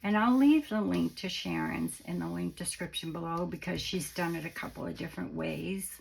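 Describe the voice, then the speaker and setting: A woman with a low, deeply gravelly and croaky voice talks through a paper-craft tutorial in an easygoing, rambling way. She wanders off mid-sentence and corrects herself, like someone showing a friend how it's done. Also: normal speed, low-quality recording. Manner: chatty, meandering, self-correcting. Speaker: craft channel host.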